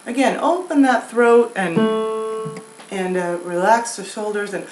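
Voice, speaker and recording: A woman vocal coach giving a singing lesson, explaining breath and throat exercises in a relaxed, chatty way and demonstrating sung scales. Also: mid-range voice, a little slow, far from the mic, over music. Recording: echoey room with faint noise.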